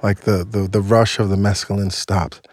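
A man from the United States tells an animated personal story, peppering it with "like". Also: fairly low pitch, normal speed. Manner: animated, heavy use of 'like'. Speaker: storyteller guest. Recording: music playing underneath.

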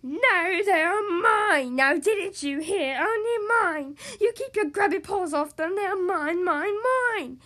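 A woman voicing a greedy, selfish male pug dog in a children's storybook reading, loud and whiny. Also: extremely high pitch, takes it slowly, hardly any pauses, voice pushed up, exaggerated voice. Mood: furious. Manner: loud, whiny, possessive shouting.

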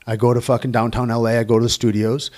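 A man's voice: mid-range voice, level tone, quick pace, darkish tone. A man who works as a stunt performer, telling rambling, profane anecdotes with quoted dialogue in a casual interview.

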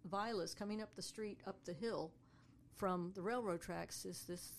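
A woman tells a story in a relaxed, chatty way, slipping into the voices of the people in it. Her voice has a gravelly, creaky texture. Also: mid-range voice, moderate pace, slight background noise. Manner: animated, acts out voices of people in her stories. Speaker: storyteller and tour guide. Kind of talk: casual storytelling.

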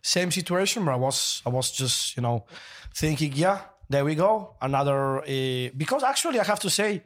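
Higher-voiced jokey football co-host, a man. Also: lively intonation, moderate pace. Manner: non-native English with dropped words, jokey. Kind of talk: casual football chat.

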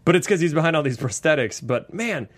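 A man in his thirties chatting casually about a film as a podcast co-host. His pitch swings widely as he jumps into silly voices for the characters, then drops back to his own easy tone. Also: quick pace. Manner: animated, acts out quotes in silly voices. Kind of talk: casual movie review chat.

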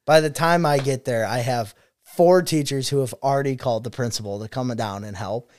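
Laughing and cursing freely, a young student teacher spins animated stories during a relaxed conversation. He speaks a little fast in a mid-range voice, and there's a little hiss or hum on the recording.

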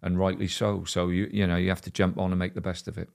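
A man in his sixties, a former football manager, answering questions in a measured, conversational way. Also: low voice, little pitch movement, creaky, darkish tone. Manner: measured, frequent "you know" and restarts. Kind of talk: casual interview chat.

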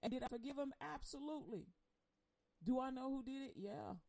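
A woman giving an impassioned personal testimony on air. She speaks emotionally and bluntly, swinging between loud outbursts and hushed confession. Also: sits high, fairly quick, creaky, no room sound, low-quality recording. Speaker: churchgoer sharing a personal testimony.

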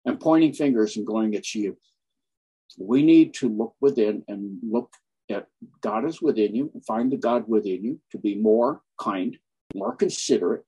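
A man's voice: mid-range voice, darkish tone, husky, poor audio. A man speaking as a guest in an impassioned, preachy monologue, pressing his points with emphasis. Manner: preachy, emphatic, keeps acting out quoted people. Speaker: guest on online channels.

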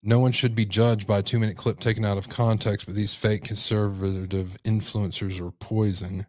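A man hosts a livestream, reacting and reading viewer comments in a loose, rambling way. His voice is on the low side. The sound is dry and close. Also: little pitch movement, moderate pace, a little mellow, no room sound. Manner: casual, rambling, reads chat aloud. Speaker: host.

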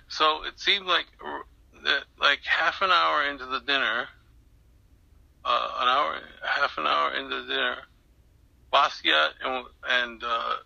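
A man's voice: mid-range voice, gravelly, sharp tone, no echo, low-quality recording. An older man being interviewed, telling a long story in a rambling way with many restarts and fillers. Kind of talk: recounting an anecdote in an interview.

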